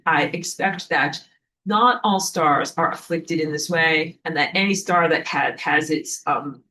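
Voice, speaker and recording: A woman giving a casual spiritual lesson, chatty and loose, often acting out quoted voices in a higher pitch. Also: slow. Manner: animated, acts out quoted voices with rising pitch; loose and chatty, with fillers and restarts. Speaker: spiritual teacher. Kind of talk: casual spoken teaching.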